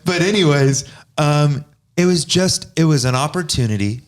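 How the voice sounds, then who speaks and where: A man's voice: on the high side, lively intonation, normal speed. A man hosting a casual podcast chat from an office room, telling stories and acting out the dialogue in them. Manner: storytelling, acts out quoted dialogue. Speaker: podcast host.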